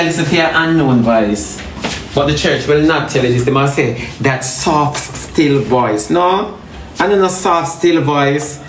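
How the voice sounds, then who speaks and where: A man with a Jamaican accent preaching a lively comic sermon, swinging between loud exhortation and low murmured prayer. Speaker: comedic preacher. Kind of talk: animated street sermon with prayer. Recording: echoey room from a distance with faint hum.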